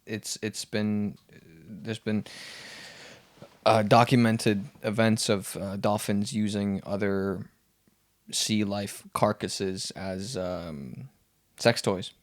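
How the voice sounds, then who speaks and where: Hesitant low-voiced man, dry close sound. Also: slow pace, dry recording. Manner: hesitant, lots of uh and um, calm fact-telling. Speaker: podcast guest. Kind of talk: casual chat.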